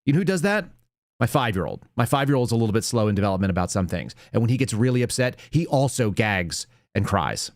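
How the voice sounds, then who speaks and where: A man's voice: on the low side, sing-song, fast, dry recording, clean studio sound. A man hosting a live commentary show, talking in a blunt, indignant, rambling way. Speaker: show host.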